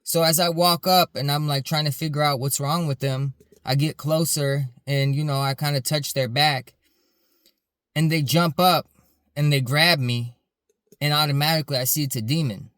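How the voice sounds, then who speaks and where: A man's voice: on the high side, fairly even intonation, moderate pace, fairly bright tone, dry recording, clean studio sound. Earnest man rambling through a story. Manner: earnest, rambling with many "like" fillers. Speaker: security supervisor telling his dreams. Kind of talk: casual storytelling to camera.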